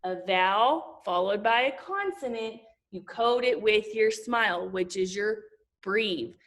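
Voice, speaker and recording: A woman teacher giving a slow, sing-song phonics lesson to young children, asking them questions as she sounds out letters. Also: medium pitch, expressive, fairly bright tone.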